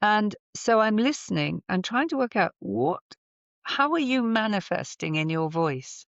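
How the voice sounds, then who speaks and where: A woman's voice: mid-range voice, big pitch swings, unhurried, no echo. A woman, a voice therapist, explaining her work thoughtfully with examples in a conversational interview. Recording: slightly dull remote audio.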